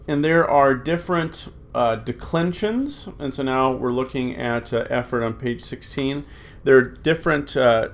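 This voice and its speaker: Middle-aged male teacher, mid-range voice, patient and repetitive, lots of filler sounds. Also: medium pitch. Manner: patient, repeats forms aloud with many fillers. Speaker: Greek teacher. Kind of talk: recorded classroom lesson.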